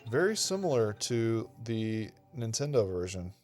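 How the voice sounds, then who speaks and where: A man's voice: on the low side, very animated, measured pace, a little mellow, soft background music. A man hosting a retro gaming channel, giving casual, rambling gameplay commentary and saying "dude" and "okay" a lot. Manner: laid-back, rambling, says "dude" and "okay" often.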